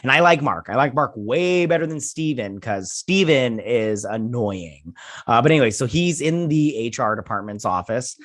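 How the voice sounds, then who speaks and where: A man's voice: medium pitch, animated, normal speed, a bit bright. An American man talking through a show episode in a loose, casual review. He rambles, leans on fillers and often trips over his own words as he goes. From United States. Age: adult with children. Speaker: YouTube show host.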